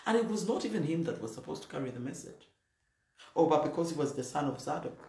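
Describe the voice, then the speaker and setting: A woman's voice: low voice, lively intonation, fast talker, dark tone. Blunt, emphatic woman pastor preaching. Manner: blunt, emphatic, plain-spoken. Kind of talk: sermon. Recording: roomy echo, faint noise.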